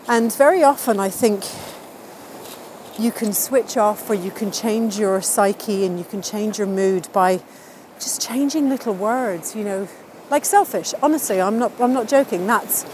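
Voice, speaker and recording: A woman's voice: mid-range voice, a little slow, a little mellow, a little hiss or hum, poor audio. A woman answering interview questions in a casual, upbeat and chatty way, laughing now and then at her own wordplay. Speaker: interviewee sharing wellbeing tips.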